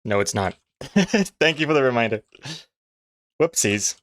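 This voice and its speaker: A man's voice: mid-range voice, expressive, unhurried, fairly bright tone, no room sound, clean studio sound. Jokey man chatting on a drawing stream. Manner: self-mocking, jokey, reads chat aloud. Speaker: comic artist streaming. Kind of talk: casual live-stream chat while drawing.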